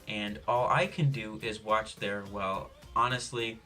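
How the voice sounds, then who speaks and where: Young male vlogger, dry deadpan delivery, rambling jokey asides, faint background music. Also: on the low side, measured pace. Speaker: sports vlogger. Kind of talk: jokey sports preview monologue.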